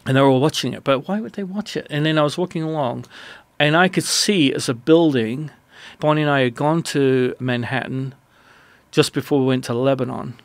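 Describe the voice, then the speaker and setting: A man with a gravelly, creaky voice tells a personal story as a radio interview guest. He talks in an animated, rambling way and restarts often. The recording is dry and close. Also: mid-range voice, brisk, no echo.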